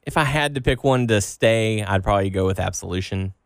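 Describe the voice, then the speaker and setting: Guy with a low smooth voice chatting wrestling, dry close sound. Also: fairly quick, no room sound. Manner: recaps matches with playful quoting, many ums. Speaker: wrestling podcast co-host. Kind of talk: casual chat.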